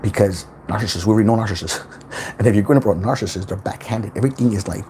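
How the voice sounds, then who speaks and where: A man's voice: on the low side, fast, mellow, slight background noise. A man hosting a casual spiritual self-help livestream from home, rambling, repeating words and swearing freely.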